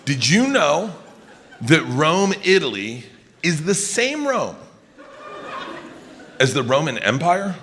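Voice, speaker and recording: A man in his fifties telling stand-up stories on stage, loud and swinging between low asides and shouted high bursts. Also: big pitch swings, slow pace, long pauses. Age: 50s. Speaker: stand-up comedian. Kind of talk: stand-up comedy storytelling. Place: large arena on stage. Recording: live show with clear crowd noise. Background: audience laughter.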